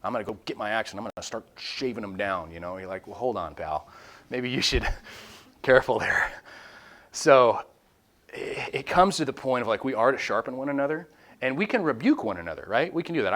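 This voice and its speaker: A man teaching a small church group in a loose, conversational way at a middling pitch. He is animated and candid, pokes fun at himself, and slips into little acted-out voices to make his point. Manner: animated, acts out quoted voices and prayers; candid and self-deprecating. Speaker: small-group Bible study leader.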